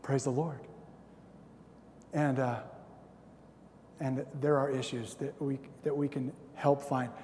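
A man's voice: medium pitch, level tone, slow pace, pauses often, mellow, in a large hall, a little hiss or hum. A man in his thirties, a pastor giving a sermon, talking in a conversational, self-deprecating way and acting out little stories.

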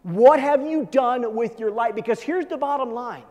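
A man preaching a sermon to his church, swinging between loud, urgent peaks and soft, low asides. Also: normal speed. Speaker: pastor. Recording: long reverb of a large hall.

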